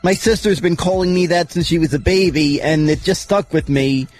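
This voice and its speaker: A man co-hosting a call-in radio show, answering in halting, stumbling phrases that repeat words. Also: on the high side, darkish tone, soft background music. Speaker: radio co-host.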